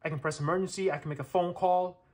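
A man's voice: high voice, steady tone, fast talker. A man running a casual hands-on tech test on camera, talking the viewer through each step with plenty of fillers. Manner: chatty, thinks aloud, lots of fillers and checks. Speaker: tech reviewer. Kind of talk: casual hands-on demo commentary.

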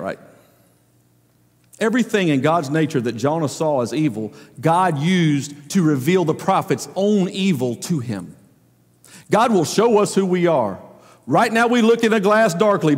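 Male pastor, high voice, emphatic preaching, long hall reverb. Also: lively intonation, normal speed, husky. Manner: swings between loud emphatic lines and low quiet ones. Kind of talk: sermon.

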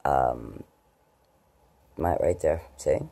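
At home indoors, a vlogger talks into her camera for a casual late-night vlog in a low, gravelly voice with a dark, mellow tone. She's animated yet speaks extremely slowly, her pitch swinging widely as she rambles loosely from thought to thought. At times she leaps up high into baby talk with her cats.

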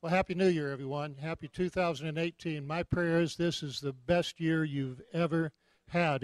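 A man in his seventies preaching a sermon, jovial and joking, breaking into loud shouts of praise. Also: fairly high pitch, fairly even intonation, moderate pace, no room sound. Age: 70s. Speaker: guest preacher.

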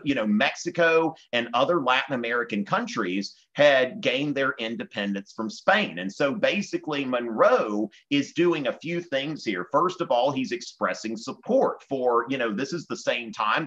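Male history teacher with a Southern US accent, chatty lecture full of fillers, bright tone, muffled lo-fi sound. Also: mid-range voice. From Virginia. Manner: conversational, many fillers, animated quotes. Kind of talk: online exam-prep lecture.

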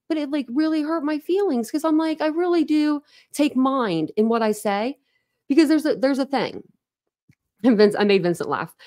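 A woman's voice: sits high, darkish tone. A woman hosting a casual livestream, rambling candidly to her chat, laughing often and poking fun at herself. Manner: laughs often, self-deprecating. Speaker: livestream host.

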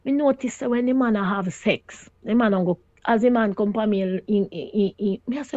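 A middle-aged Jamaican woman telling her own story in a casual, animated way, often quoting others and exclaiming. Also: medium pitch, a little fast, hardly any pauses, dry recording, lo-fi sound. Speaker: caller sharing her story.

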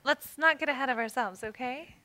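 A woman acting as a kind, flustered young nurse who talks gently and questions eagerly on a live stage. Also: high-pitched, fairly quick, a little hiss or hum. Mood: gentle, urgent. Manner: gentle and hushed, then excited and questioning.

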